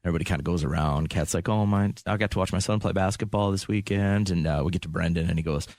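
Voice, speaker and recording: A man's voice: low-pitched, fast talker, a little mellow, dry recording. A man hosting a morning radio show, talking in a joking, self-deprecating way. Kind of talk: casual radio banter. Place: radio studio. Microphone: studio mic.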